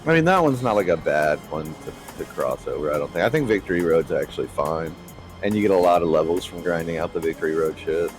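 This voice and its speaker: A man chatting casually on a game stream, telling a funny story with a lot of laughing. His voice sits low and easy. Game music plays clearly beneath him. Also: expressive, quick pace. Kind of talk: casual gaming chat.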